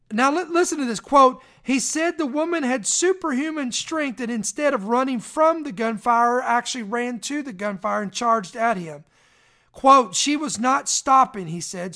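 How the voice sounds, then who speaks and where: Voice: mid-range voice, fairly bright tone. A preacher reading out a news story and then teaching on it, in an emphatic style that calls out to listeners.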